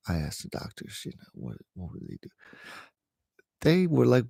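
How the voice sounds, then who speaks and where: A man giving rambling, casual advice in a home vlog, laughing at his own jokes and trailing off quietly. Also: medium pitch, very animated, a little slow, creaky, long pauses, no echo. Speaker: vlogger sharing home remedies.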